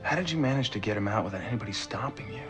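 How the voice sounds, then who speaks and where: A man's voice: lowish voice, lively intonation, racing, over music, natural voice. An actor playing a shrewd young businessman who asks skeptical, probing questions in a TV drama.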